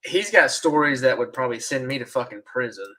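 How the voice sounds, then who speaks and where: A man co-hosting a podcast, chatting casually, pausing and restarting as he tells an army story. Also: medium pitch, lively intonation, crowd noise. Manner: halting, restarts often, laughs along. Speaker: podcast co-host. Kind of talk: casual chat.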